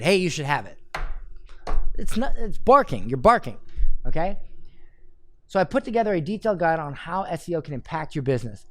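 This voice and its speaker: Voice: mid-range voice, dry recording. A marketing coach giving a live, blunt critique of marketing copy, reading drafts aloud and picking them apart.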